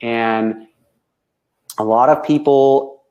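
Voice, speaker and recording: A man's voice: medium pitch, very slow, lo-fi sound. Earnest man who keeps saying "right?". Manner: tags nearly every sentence with a questioning "right?"; frank, earnest and animated. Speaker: business coach. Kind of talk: casual conversational talk.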